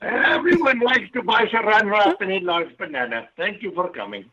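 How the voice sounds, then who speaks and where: A man's voice: high-pitched, expressive, normal speed, bright, forceful tone, muffled recording, exaggerated voice. A man putting on an Indian accent as a pushy, formal-sounding shopkeeper. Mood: mock-polite. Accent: put-on Indian. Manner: stilted, formal phrasing.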